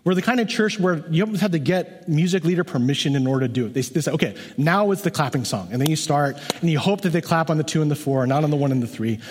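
A man's voice: on the high side, fast talker, hardly any pauses. A man who leads church music, preaching an earnest, emphatic but conversational sermon. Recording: long hall reverb.

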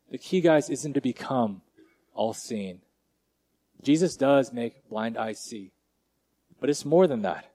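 A male pastor preaching a conversational sermon, casual and direct, who often drops to a quiet, slow emphasis. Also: medium pitch.

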